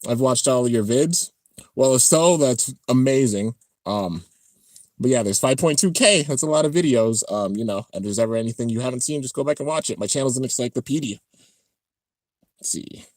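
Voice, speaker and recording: Male streamer, chatty and excitable, very lively pitch, dry close sound. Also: moderate pace, long pauses, no echo. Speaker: channel host reacting to an anime episode. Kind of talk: casual live-stream reaction commentary.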